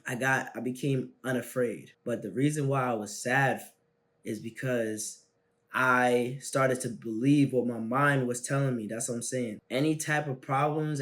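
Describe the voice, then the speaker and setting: With a mid-range voice, a young man fronting a self-help video shares a story from his life. He chats in lively slang, his volume swinging between loud bursts and quiet asides.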